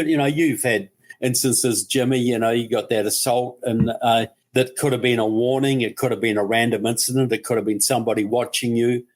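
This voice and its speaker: New man telling a story. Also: medium pitch. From New Zealand. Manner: storytelling, repeats words as he builds a point. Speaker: guest commentator. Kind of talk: casual podcast conversation.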